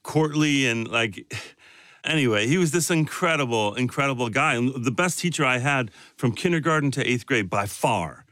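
A man's voice: medium pitch, expressive, moderate pace, sharp tone, no echo, studio quality. A man from Chicago, an actor as a guest, talking casually and rambling with lots of fillers. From south side of Chicago. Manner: rambling, full of "you know" and "like" fillers. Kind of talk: casual interview conversation.

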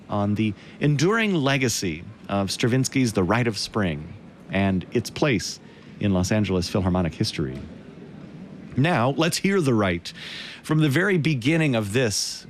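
A man presenting a classical music broadcast, telling the story in a measured way. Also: medium pitch, slight background noise. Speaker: radio concert host.

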